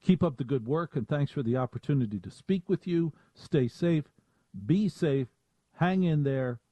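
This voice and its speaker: Mellow-voiced male talk radio host. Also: on the high side, normal speed, no room sound. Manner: rambling, self-mocking, animated.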